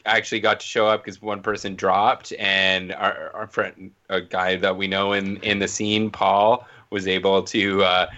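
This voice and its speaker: A man's voice: deep voice, little pitch movement, measured pace, few pauses, sharp tone. A man hosting a podcast, talking in an upbeat, informal way. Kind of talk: casual chat. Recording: dull lo-fi audio.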